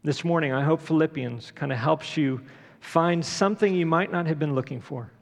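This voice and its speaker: A middle-aged man delivers a sermon, his slightly raised voice carrying a gravelly edge. He talks the congregation through the story in a loose, conversational way, full of small pauses. A long church reverb trails behind his words. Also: on the high side. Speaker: pastor.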